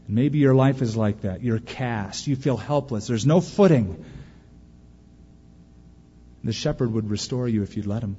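A man preaching a sermon as a pastor, husky-voiced, animated, acting out quotes and pausing for effect. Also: medium pitch. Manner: animated preaching with acted-out quotes and dramatic pauses. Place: large church auditorium. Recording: muffled recording in a large reverberant hall.

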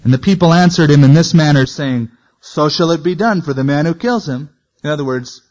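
A man's voice: on the high side, brisk, darkish tone. Man teaching the Bible, dull lo-fi sound. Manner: reads scripture then comments casually. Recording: dull lo-fi recording.

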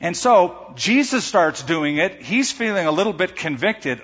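A pastor preaching a sermon, animated, acting out the voices he quotes. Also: sits high, measured pace, hardly any pauses, long reverb tail, highs cut off.

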